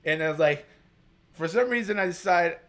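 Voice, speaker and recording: Man, rambling storyteller, fillers everywhere, slightly high-pitched. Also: normal speed, fairly bright tone. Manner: rambling, heavy on filler words. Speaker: guest. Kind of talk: casual storytelling.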